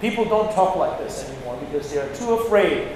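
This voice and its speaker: A man preaching a sermon, blunt and forceful, with sudden loud peaks. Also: on the high side, animated, a little fast. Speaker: pastor. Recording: echoey hall with long reverb, faint noise.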